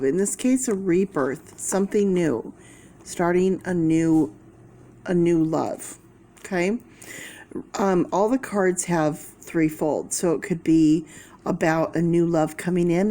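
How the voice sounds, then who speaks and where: Slow-talking woman reading tarot. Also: sits low, dark tone. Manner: slow, chatty, talking to viewers. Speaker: tarot reader.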